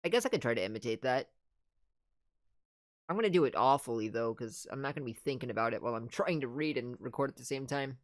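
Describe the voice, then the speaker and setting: A woman's voice: very deep voice, animated, fast talker, dry recording, studio quality. A woman in casual game commentary, making chatty, rambling asides while she plays. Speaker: let's play gamer.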